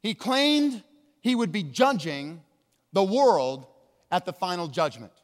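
A man preaching a sermon as pastor, emphatic, slowing down hard on key words, with big swings between loud and quiet. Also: high-pitched, very animated. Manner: emphatic, with slow drawn-out stresses and wide swings in loudness. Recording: long hall reverb.

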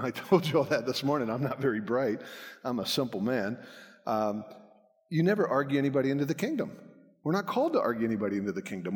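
Folksy man preaching in a reverberant hall. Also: mid-range voice. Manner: folksy, self-deprecating, rambling. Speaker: guest speaker on apologetics. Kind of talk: church talk. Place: church hall.

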